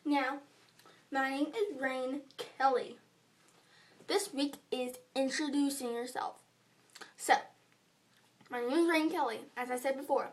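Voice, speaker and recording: A bubbly twelve-year-old girl from the USA introduces herself in a casual bedroom vlog. Her voice is high and she talks at an unhurried pace, chatty and playful. She sits a little away from the mic, so she sounds slightly distant. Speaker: vlogger.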